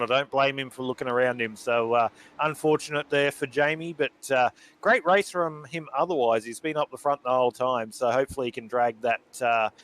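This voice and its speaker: A man commentating a sim racing event who gets loud and excited during close battles. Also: medium pitch. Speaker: race commentator.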